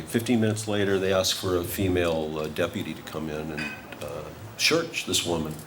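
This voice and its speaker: A man's voice: sits low, fairly even intonation, fairly quick, few pauses, background noise. A man giving a humorous acceptance speech, telling a comic story with careful timing. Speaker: award honoree giving a speech.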